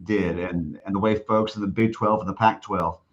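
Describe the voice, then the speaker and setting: A man's voice: low-pitched, fairly even intonation, normal speed, lo-fi sound. A man telling a long anecdote as a podcast guest, restarting often and acting out what others said. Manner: rambling with many restarts, acting out quoted speech. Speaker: guest, stadium announcer. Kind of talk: storytelling in a podcast interview.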